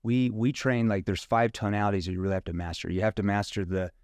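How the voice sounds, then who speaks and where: Low-voiced sales trainer, dry close sound. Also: male voice, fast talker, clean tone, no room sound. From rural Missouri. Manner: animated, acts out sales questions in different tones. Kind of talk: casual interview talk.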